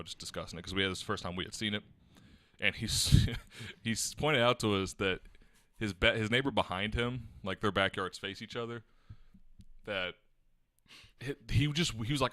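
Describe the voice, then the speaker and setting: This podcast co-host, a man in his twenties, has a fairly low, bright and forceful voice at a moderate pace. The studio-quality recording is dry, and he chats casually in a laid-back way, laughing through his stories.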